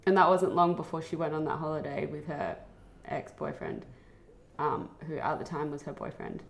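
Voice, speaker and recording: A woman's voice: sits low, steady tone, normal speed, gravelly. A woman in a casual interview, talking in a chatty way full of fillers. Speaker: interviewed friend.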